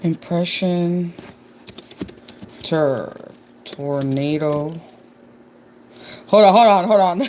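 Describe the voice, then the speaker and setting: A woman's voice: lowish voice, extremely slow, long pauses, darkish tone, slight background noise. A young woman with a Texan accent chatting casually on a live stream, reading viewer comments aloud and calling everyone "girl". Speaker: livestreamer.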